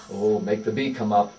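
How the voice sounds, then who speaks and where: Cheery speech therapist coaching a little kid through voice drills, sounds far from the mic w/ a low hum. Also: mellow. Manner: encouraging, sing-song praise. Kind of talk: coaching a young child through voice exercises. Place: indoor therapy room. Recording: distant mic with faint mains hum.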